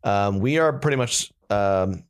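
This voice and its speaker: A man's voice: fairly low pitch, a little slow, clean tone. A man co-hosting a casual comedy podcast, rambling and playful, at times improvising slam poetry. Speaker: podcast co-host.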